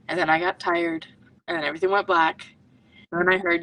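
Woman telling her story on a podcast, low voice, kinda far off mic, super earnest. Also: little pitch movement, brisk, a bit bright. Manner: earnest, intense, full of self-talk. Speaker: podcast guest, medical intuitive. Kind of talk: personal storytelling in conversation. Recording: voice from a distance to the mic.

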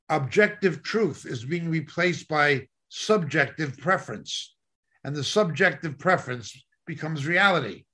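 A man's voice: fairly high pitch, bright, forceful tone. A man preaching a Bible study sermon, driving his points home with emphatic repetition. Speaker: Bible teacher. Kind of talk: sermon teaching.

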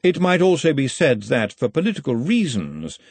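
A man's voice: mid-range voice, wildly swooping pitch, breathy edge, no echo, voice pushed up, full character voice. A man playing a silky calculating ruler. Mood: measured. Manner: slow, silky, precise. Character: smooth calculating male ruler, silky and measured.

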